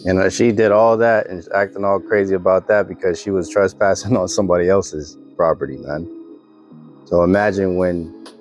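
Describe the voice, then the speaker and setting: A man's voice: low-pitched, fairly even intonation, moderate pace, darkish tone, soft background music. A man giving casual religious commentary on videos, reading scripture and ending remarks with "man".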